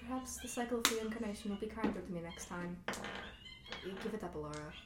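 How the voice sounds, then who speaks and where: A woman voicing an old, weary male elf father who speaks softly and quietly in a tabletop game. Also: mid-range voice, animated, fast, reverberant, heavy background noise, lightly acted. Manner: soft, tired and quiet.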